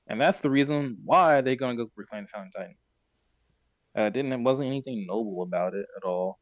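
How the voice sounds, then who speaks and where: A man's voice: mid-range voice, fairly quick, no room sound, muffled recording. Rambling male podcast host. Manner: rambling, self-correcting retelling. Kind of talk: casual plot recap chat.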